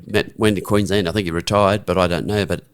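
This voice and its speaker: A deep, steady, smooth voice moves fast as this middle-aged Australian man, a podcast guest, shares a story. He's blunt and frank, with restarts and a recurring "right?", in a conversational storytelling style.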